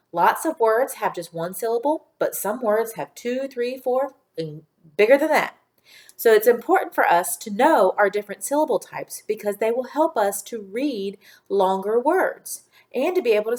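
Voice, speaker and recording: A woman teaching a phonics lesson to young children in a patient, clear teacher voice, sounding out letters one by one. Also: fairly high pitch, a little mellow.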